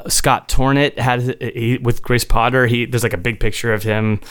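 A man's voice: medium pitch, fairly even intonation, moderate pace, fairly bright tone, smooth, dry recording. A man on a podcast telling a casual, rambling story about a gig, often restarting his sentences and chuckling. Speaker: podcast co-host and gigging musician.

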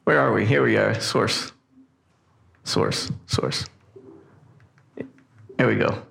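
A male pastor preaching a sermon in a reflective way, pausing often with fillers. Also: lowish voice, creaky, fairly bright tone, slight background noise.

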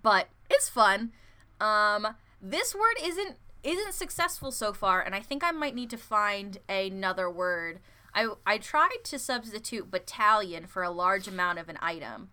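A young woman co-hosting a podcast chats casually, giggling a lot, leaning on fillers and playing with words. Her voice is medium-pitched and sharp, with lively intonation and a measured pace.

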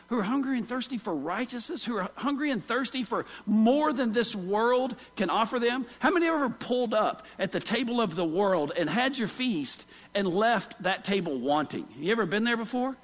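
A man with a notably high voice preaches in a relaxed, conversational style, stumbling through restarts and drawing the congregation in with questions. His voice carries a long reverb tail from a large church hall. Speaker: pastor. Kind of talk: sermon.

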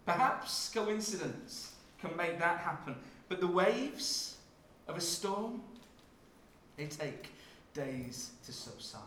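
A man preaching a sermon, dropping to a hush and rising to loud emphasis as he tells the story. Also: high-pitched, expressive, slow pace, roomy sound, a little hiss or hum. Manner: dramatic shifts from hushed to loud when acting out scenes.

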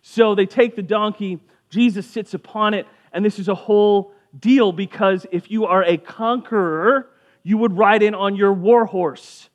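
High-voiced man preaching in a casual way. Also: steady tone, dull audio. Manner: conversational, jokey, acts out quick voices for people in the story. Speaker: pastor. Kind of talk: casual sermon.

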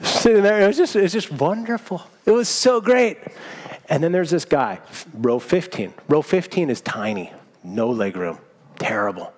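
A man preaching a sermon, telling a personal story in a lively, self-mocking way. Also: a little high, normal speed, husky. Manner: animated storytelling, self-mocking, laughs at himself. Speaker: pastor. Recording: long hall reverb.

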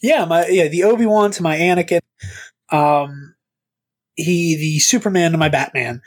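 A man's voice: a little high, normal speed. Rambling man hosting a podcast. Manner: rambling, stammering, swears casually. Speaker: podcast host. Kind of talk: casual podcast chat.

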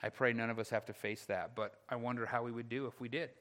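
A man preaching a sermon as pastor, moving between loud, driving passages and hushed, slow ones. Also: medium pitch, fairly even intonation.

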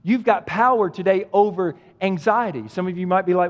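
A male pastor preaches a sermon in a high-sitting voice at a fairly quick pace, using emphatic repetition and speaking directly to listeners. The lo-fi recording carries a long hall reverb.

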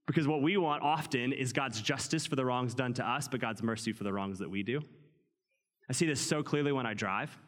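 A man preaching a sermon as pastor, reading scripture aloud and then explaining it in an animated, conversational way. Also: mid-range voice, brisk, in a large hall. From United States.

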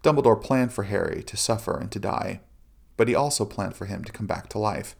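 A man giving an earnest, measured scripted devotional reading. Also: fairly low pitch, animated, creaky. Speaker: Christian speaker.

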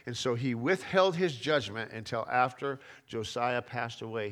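Middle-aged male pastor, mid-range voice, conversational sermon with loud emphatic surges. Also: medium pitch. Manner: conversational preaching, rising to emphatic peaks, restarts and repeated words.

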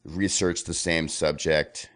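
Very deep-voiced enthusiastic man. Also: steady tone, takes it slowly, a bit bright. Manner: enthusiastic, repeats himself, swears casually. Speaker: podcast guest. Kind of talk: casual podcast chat.

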